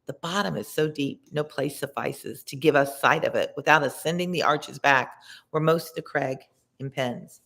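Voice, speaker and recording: Female tutor, low-pitched, reads classic verse aloud with informal asides. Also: vocal fry, a bit bright. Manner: reads slowly with chatty word-explaining asides. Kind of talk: read-along with spoken asides.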